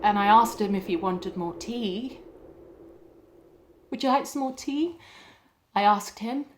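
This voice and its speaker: An actress playing a young wife who records a shaken video message to her mother, speaking softly and haltingly. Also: medium pitch, a little hiss or hum, lightly acted, rough recording. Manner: soft, hesitant, halting delivery with quiet dips. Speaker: actor in a short film. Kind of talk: dramatic monologue as a video message.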